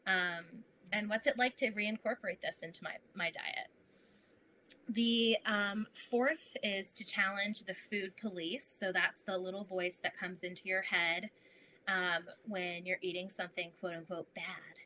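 A woman's voice: medium pitch, measured pace, a little hiss or hum, low-quality recording. A young woman guest on a podcast, chatting casually and acting out her inner voices with frequent laughs. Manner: animated, acts out inner voices, laughs often. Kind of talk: casual interview chat.

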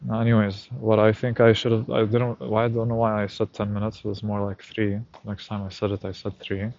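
A man's voice: lowish voice, little pitch movement, brisk, a little mellow, dull audio, a little hiss or hum. A man talking to himself on a night walk outdoors, recounting a story in a reflective, casual monologue. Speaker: vlogger.

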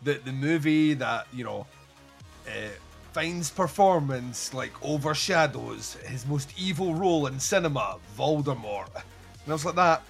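Swearing, animated man host. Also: a little high, a little slow, creaky, soft background music. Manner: animated, swearing, acts out movie scenes. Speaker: podcast host. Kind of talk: casual chat.

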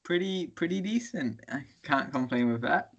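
A man's voice: fairly high pitch, lively intonation, moderate pace, vocal fry, fairly bright tone, dull audio. A young man co-hosting a casual podcast chat, talking in a thoughtful, easygoing way. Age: young adult. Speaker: podcast co-host.

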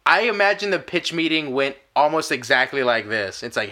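A man's voice: medium pitch, moderate pace, few pauses, sharp tone. A man hosting a podcast in casual chat, musing through tangents and chuckling along. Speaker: podcast host.

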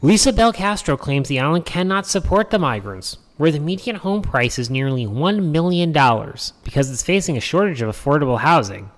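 Man ranting on his show, sarcastic, lots of repeating, voice jumps all over, kinda high. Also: lively intonation, brisk, hardly any pauses. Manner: sarcastic, mocking voices in quotes; emphatic repetition. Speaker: political commentary host. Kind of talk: opinion monologue.

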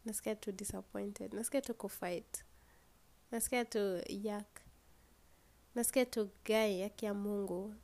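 A woman's voice: medium pitch, fairly even intonation, normal speed, a little mellow. Young woman, Kenyan accent, solo podcast host; tired and yawning, rambles casually, mid-range voice. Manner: rambling, swears freely, switches between English and Swahili.

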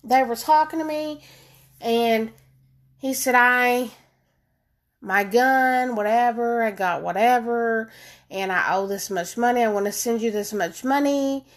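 A woman talks straight to her viewers in a relaxed, storytelling vlog. Her voice sits a little high for a woman, and she leans hard on her points with animated emphasis. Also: measured pace. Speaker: vlogger.

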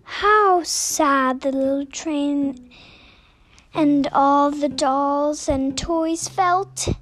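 A woman reading a children's picture book aloud, slow and expressive. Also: high-pitched. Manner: slow, expressive, sing-song. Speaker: storybook reader.

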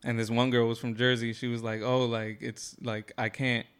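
Chill guy on a podcast, smooth voice, pretty flat delivery, rambles. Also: medium pitch, normal speed. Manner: laid-back, rambling storyteller. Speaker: podcast co-host. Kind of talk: casual chat.

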